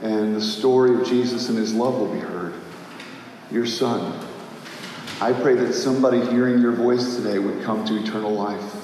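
A man's voice: fairly low pitch, fairly even intonation, moderate pace, far from the mic. Pastor, man, fervent sermon delivery, big reverberant sanctuary sound, faint room noise. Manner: impassioned, swinging between shouting and hushed prayer. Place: church sanctuary. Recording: echoey hall, faint ambience.

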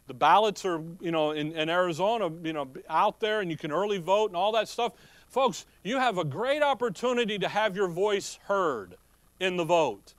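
Man, middle-aged pastor, folksy sermon, higher voice, dry close sound. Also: dry recording. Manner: folksy, joking asides, rhetorical questions.

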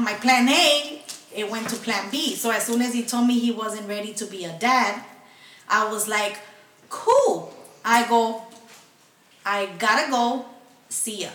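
Bright-voiced woman swearing through a story. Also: fairly high pitch. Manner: swears constantly, acts out both sides of a phone call. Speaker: podcast co-host telling a story. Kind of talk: casual storytelling with profanity. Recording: echoey room, mic at a distance, faint noise.

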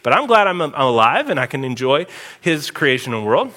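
A man preaching a sermon as pastor, emphatic and animated, with sudden loud outbursts. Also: mid-range voice, a little fast. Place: church sanctuary. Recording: long hall reverb.

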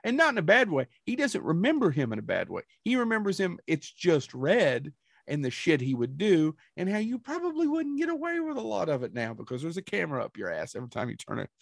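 Man, gravelly voice, dry close sound, rambling casual podcast chat, swears now and then. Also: on the high side, huge pitch swings, brisk, no echo. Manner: rambling, profane, tangential. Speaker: podcast co-host.

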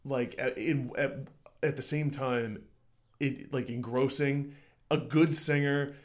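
A man co-hosting a music podcast in casual chat, excited and rambling, stumbling over his words and swearing casually. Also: medium pitch, slow pace. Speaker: podcast co-host.

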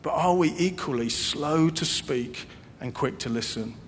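A man preaching a sermon in an earnest way, repeating phrases and swinging between loud emphasis and hushed, soft passages. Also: a little slow. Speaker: pastor. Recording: long hall reverb with faint low rumble.

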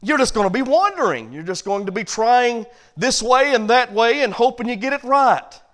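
High-voiced preaching man. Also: expressive, moderate pace. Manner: builds from low quiet passages to loud emphatic points. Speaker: pastor. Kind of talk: sermon.

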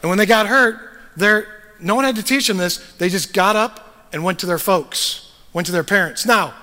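A man's voice: high-pitched, sharp tone, long reverb tail. A man pastor giving a sermon to his congregation, speaking in a conversational storytelling way with frequent fillers. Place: church sanctuary.

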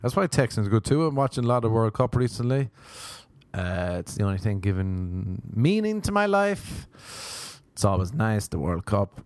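A man's voice: on the low side, very animated, normal speed, no echo. Sardonic Irish man doing stand-up. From Ireland. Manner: rambling, sardonic observational storytelling. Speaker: stand-up comedian. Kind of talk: stand-up comedy routine.

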